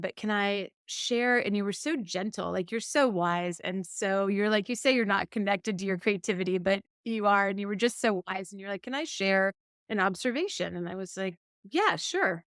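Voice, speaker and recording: Chatting casually on her podcast, this co-host shares something from her own life and performs her past lines with lively energy. She speaks at a moderate pace in a smooth, medium-pitched voice, captured with clean, echo-free studio sound.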